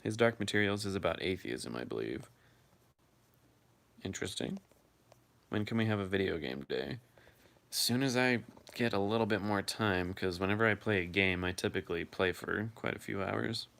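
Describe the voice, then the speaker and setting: Low-voiced man casually chatting. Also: expressive, moderate pace, gravelly, fairly bright tone. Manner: loose and swears freely; reads viewer comments aloud and replies. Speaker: livestream host answering viewer chat. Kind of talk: casual live chat.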